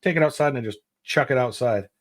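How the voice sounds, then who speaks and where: A man's voice: medium pitch, fast talker, a little hiss or hum. A man co-hosting a podcast from a basement, rambling through casual, profane stories. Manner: rambling, profane, laid-back storyteller. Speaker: podcast co-host. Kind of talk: casual chat.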